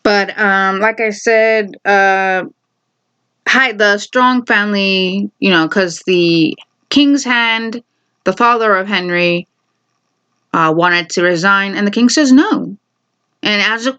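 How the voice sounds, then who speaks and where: A woman talks through a TV episode in a casual, opinionated way. Her voice sits at an ordinary mid pitch. She slips into quick paraphrases of what the characters said. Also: bright, forceful tone, clear, resonant tone. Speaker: TV recap vlogger. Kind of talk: casual recap commentary.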